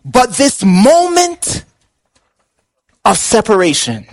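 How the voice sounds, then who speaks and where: In this low-quality recording, a male pastor with a remarkably high-pitched voice delivers a fervent sermon at a slow pace. His pitch swings wildly as he questions his listeners and hammers points home through repetition.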